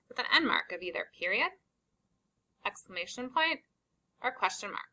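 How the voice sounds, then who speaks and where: A woman teaching a slow, patient phonics lesson to young children, stretching out and repeating each word for emphasis. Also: mid-range voice, very animated, pushed and bright, rough recording. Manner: drawn-out, emphatic word repetitions.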